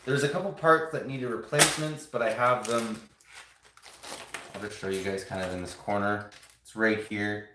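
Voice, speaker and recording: A man's voice: fairly low pitch, steady tone, moderate pace, very noisy. A man chatting casually on a live stream, rambling to his viewers as he builds and shows off toy sets. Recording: roomy home room echo.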